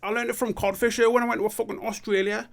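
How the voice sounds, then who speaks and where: Brief: man putting on excitable Aussie bloke, sweary, pitched up and fast. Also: creaky. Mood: amazed. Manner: loud, rushed, higher than his usual voice.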